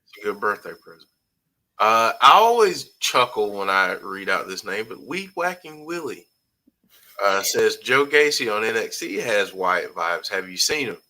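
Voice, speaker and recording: A man's voice: fairly low pitch, sing-song, moderate pace, pushed and bright, rough recording. A man hosting a casual live-stream talk show, reading viewer comments aloud in an easygoing way. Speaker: host.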